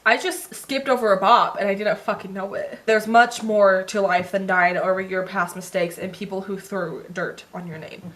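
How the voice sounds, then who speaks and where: A woman's voice: mid-range voice, normal speed, few pauses, fairly bright tone. A young woman chatting candidly as a music reaction vlogger, swearing freely. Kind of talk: casual reaction commentary. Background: faint music.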